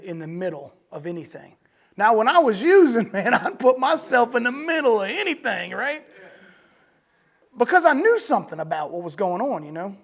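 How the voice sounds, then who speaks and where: A man telling his recovery testimony to a meeting room audience in a loose, conversational way. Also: high-pitched. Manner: conversational, peppered with "you know" and "man". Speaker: recovery speaker.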